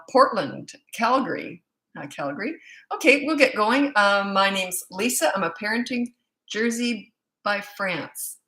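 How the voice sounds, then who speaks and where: A woman's voice: medium pitch, a bit bright, rough recording. A woman with a Canadian accent, a parenting coach, chatting frankly with viewers on a live-stream Q&A and greeting them by where they are. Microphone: own set-up microphone.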